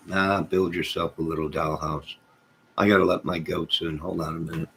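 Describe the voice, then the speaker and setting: At home, with goats close by, a male host runs a relaxed livestream, reading the chat aloud and playfully ribbing viewers by name. His voice is low, level, and a bit bright with vocal fry, at normal speed, over a faint hiss or hum.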